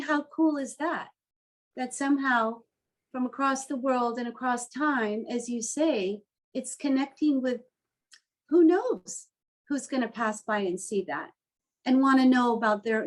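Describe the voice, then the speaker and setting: A woman artist being interviewed, speaking with a slightly high voice. She tells her story in a heartfelt, earnest way and lets her emotion show. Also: poor audio.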